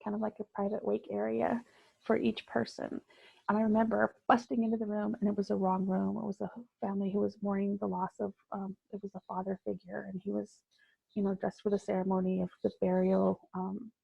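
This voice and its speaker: A woman guest sharing a personal story in conversation, reflective and halting, with many fillers. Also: mid-range voice, monotone, creaky, breathy edge, dry recording, muffled recording.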